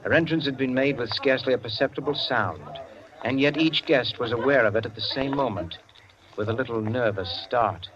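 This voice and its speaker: A man narrating a 1940s radio drama in a measured, even storytelling manner. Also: medium pitch, crowd noise, close to an everyday voice. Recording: muffled old radio with music bed.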